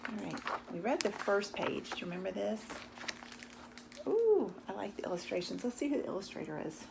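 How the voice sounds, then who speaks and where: Teacher lady reading a storybook to kids, lively ups and downs, gravelly voice, asks lots of questions. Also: medium pitch, a little fast, background noise. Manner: animated, asks children questions. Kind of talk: reading a picture book aloud to a class.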